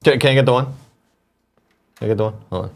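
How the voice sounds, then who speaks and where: A man's voice: mid-range voice, fast talker, vocal fry. A man co-hosting a casual comedy morning show, telling stories playfully. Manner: playful storyteller.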